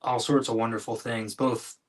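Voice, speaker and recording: A man's voice: mid-range voice, flat delivery, normal speed. Co-host guy joking then getting thoughtful, sounds a bit far from the mic. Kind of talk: casual chat.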